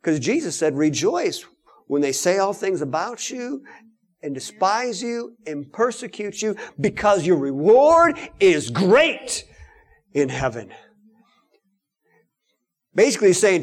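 Animated man preaching a sermon. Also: high voice, slow, pauses often. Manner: animated preaching, swinging from loud to hushed.

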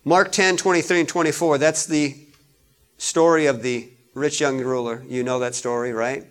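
A male pastor preaching a sermon, chatting with his congregation and rising loud when he reads scripture. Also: medium pitch, steady tone, normal speed. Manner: conversational preaching, rises loud on scripture readings.

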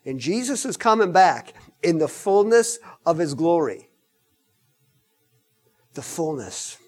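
A man delivers a sermon in a high-pitched voice. He preaches with animated emphasis and breaks into joking asides now and then. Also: slow pace.

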